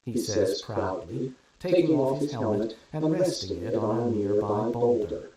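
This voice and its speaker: A man narrating a first-person story at a steady, even storytelling pace. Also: on the low side, measured pace, few pauses. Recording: very echoey room with crowd noise.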